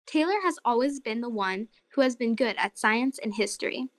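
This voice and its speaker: A woman's voice: on the high side, normal speed, no echo, clean studio sound. Woman narrating a children's story. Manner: expressive, friendly storytelling. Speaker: narrator and segment host.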